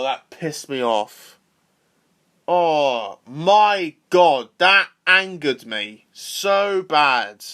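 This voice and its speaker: A man's voice: fairly high pitch, sharp tone. A man ranting casually to camera, repetitive and swearing freely. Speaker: vlogger.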